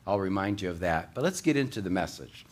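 A man's voice: low voice, expressive. Folksy male pastor preaching. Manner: folksy, fast, with fillers and joking asides. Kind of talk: sermon.

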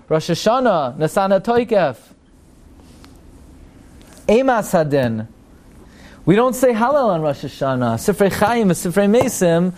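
A man giving a lively religious lecture, posing rhetorical questions and growing animated as he builds his points. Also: unhurried, pauses often. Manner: animated, rhetorical questions, rises in pitch when excited. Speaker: Torah teacher.

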